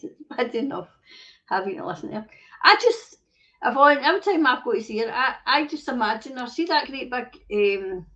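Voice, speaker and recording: Speaking in a fairly high, slightly bright voice, a Scottish livestream host delivers a casual but angry rant loaded with swearing and reads comments from her viewers aloud, all over dull lo-fi audio.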